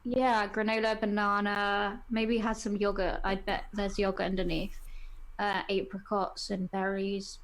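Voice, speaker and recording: A woman's voice: mid-range voice, flat delivery, measured pace. A woman, co-hosting a fan podcast and chatting casually with a friend. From England. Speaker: podcast co-host. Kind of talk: casual chat.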